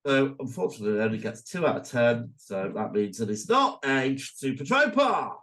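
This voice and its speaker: A man hosting a podcast in loose, joking banter. His voice sits at an ordinary pitch but swings widely, shooting up whenever he gets excited about a point. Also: normal speed. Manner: animated, jumps high when arguing. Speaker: podcast co-host. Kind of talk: casual banter.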